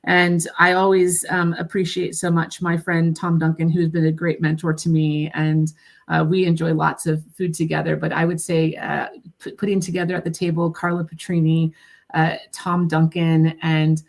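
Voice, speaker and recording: A woman's voice: low-pitched, little pitch movement, moderate pace, gravelly. A woman guest in a casual interview, talking earnestly with lots of fillers and restarts, speaking from home. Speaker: guest, food nonprofit executive director. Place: at home by her garden.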